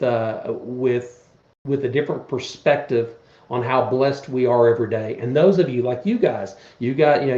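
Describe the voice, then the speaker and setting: A man's voice: mid-range voice, mellow, reverberant, lo-fi sound. A man in his fifties talking earnestly on a podcast, rambling with many restarts as he explains his charity work. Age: 50s. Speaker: podcast guest, charity event organizer. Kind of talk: casual chat.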